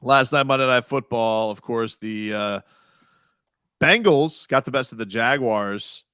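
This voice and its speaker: A male sports radio host with a bright, forward voice talks casually about football and keeps interrupting himself to restart. His voice sounds dry and close to the mic. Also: mid-range voice, a little slow, smooth, no room sound. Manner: rambling, self-interrupting, reads ad lines.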